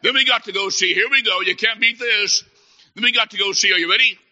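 A male Baptist preacher with a high, piercingly bright voice delivers a comic sermon, swinging from shouted mock excitement to soft earnest appeals. The recording sounds dull and lo-fi. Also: fast. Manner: animated storytelling, mock excitement, drops to soft earnest tones. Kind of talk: humorous sermon.

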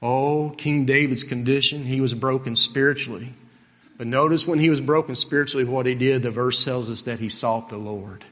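Fervent preacher man, bright voice. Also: medium pitch, steady tone, moderate pace, big-room sound, muffled recording. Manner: impassioned preaching, swinging from loud to hushed. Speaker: pastor. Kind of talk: sermon.

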